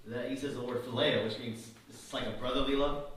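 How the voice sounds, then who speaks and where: A man's voice: mid-range voice, fairly quick, a little hiss or hum. A man preaching a sermon in a casual, conversational way, often restarting and adding asides. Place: church sanctuary. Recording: echoey church hall, mic at a distance.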